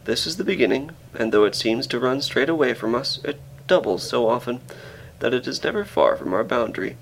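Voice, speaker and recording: Brief: man reading an obstinate old guide in a storybook, calm, patient, voice lifted higher than the narrator's. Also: a little hiss or hum, lightly acted, poor audio. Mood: insistent. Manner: calm, patient, repeats himself slowly.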